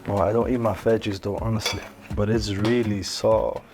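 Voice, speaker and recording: A man's voice: on the low side, fairly even intonation, normal speed, background noise. A young man and singer chatting playfully while tasting breakfasts, laughing often and joking around. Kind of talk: casual food-tasting chat.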